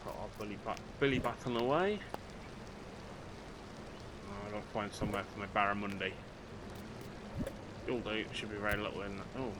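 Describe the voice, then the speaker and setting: A man's voice: on the low side, normal speed, pauses often, noisy background. An older man, chatting casually through a let's play, joking at his own expense. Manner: chatty, self-mocking, dry humour, talks to game characters. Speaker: gaming channel host.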